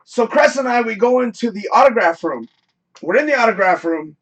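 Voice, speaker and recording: A man hosting a live show, telling a rambling, animated story in casual chat and swearing freely. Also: extremely high pitch, fairly quick. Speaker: show host.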